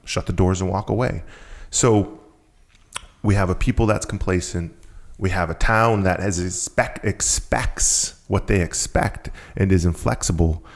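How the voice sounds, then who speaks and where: A man with a very low, gravelly voice tells a long story as a podcast guest. He talks casually and lifts his voice to act out the people he quotes. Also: unhurried. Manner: animated storyteller acting out quotes. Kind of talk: storytelling conversation.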